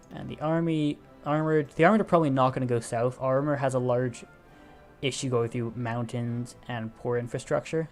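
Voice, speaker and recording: A man's voice: medium pitch, darkish tone. A young man casually commentating his strategy game, thinking aloud and explaining as he clicks, often correcting himself. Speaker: gaming video host.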